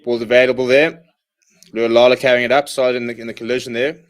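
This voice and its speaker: A young man hosting a live watchalong, calling the play and reading out viewer comments, and he bursts out loud at big moments. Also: medium pitch, fast talker. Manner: excitable, shouts at big plays, reads viewer comments. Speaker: host.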